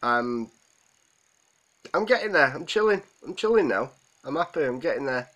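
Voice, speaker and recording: A man's voice: mid-range voice, lively intonation, unhurried, a bit bright, poor audio. Tearful man chatting on a livestream. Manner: rambling, chatting to viewers' comments. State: close to tears. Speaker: livestream host. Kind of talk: emotional live stream chat.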